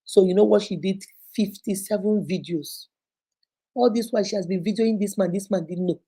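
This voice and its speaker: A Nigerian woman in her fifties hosting a casual livestream advice talk. She is animated and scolding, and mixes in pidgin and Igbo phrases. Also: medium pitch, normal speed, breathy edge. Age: 50s. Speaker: host.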